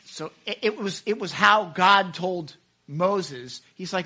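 A man leading a casual Bible study into a microphone, excitable and chatty, often acting out the scenes he describes. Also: sits high, slow pace. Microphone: handheld microphone.

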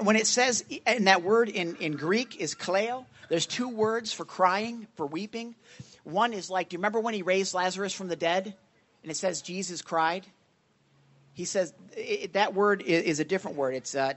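A man's voice: sits high, moderate pace, fairly bright tone. A man preaching an informal sermon in a church, earnest and conversational, often checking in with his listeners. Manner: earnest, conversational, with frequent "right?" check-ins. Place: church sanctuary.

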